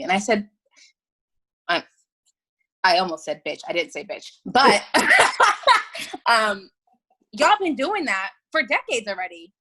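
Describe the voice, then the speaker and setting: A woman on a podcast roundtable, speaking bluntly and getting faster and more heated as she talks. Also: mid-range voice. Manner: blunt and animated, speeds up when heated. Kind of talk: casual roundtable chat. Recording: video call.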